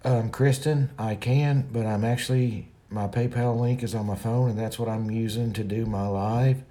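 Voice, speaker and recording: A man's voice: medium pitch, steady tone, normal speed, warm tone. A middle-aged man from Kentucky with a Kentucky accent, chatting casually with viewers on his livestream in a folksy way. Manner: folksy, talks to viewers directly. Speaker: livestream host.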